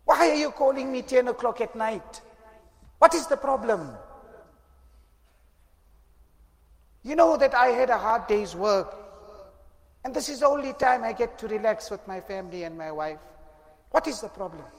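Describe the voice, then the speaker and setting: A man's voice: very high voice, very animated, moderate pace, creaky, hardly any pauses, voice pushed up, full character voice. A man playing an irritated, impatient son. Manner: loud, exasperated. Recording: long reverb, faint background noise.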